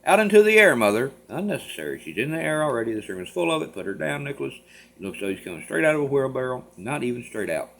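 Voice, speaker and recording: A man's voice: medium pitch, sing-song, creaky, fairly bright tone, slight background noise. A man doing a stern, scolding mother. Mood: reproving. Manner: brisk, reproving.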